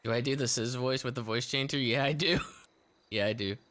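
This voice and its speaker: A man's voice: mid-range voice, a little fast, fairly bright tone. A man streaming a role-play game, commenting in an exasperated way, swearing and laughing.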